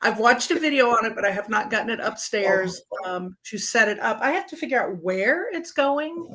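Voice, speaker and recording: A woman's voice: on the high side, expressive, bright, forceful tone. A woman, co-hosting a casual chat and telling stories with quoted asides. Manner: chatty storyteller, quotes people in quick asides. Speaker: co-host.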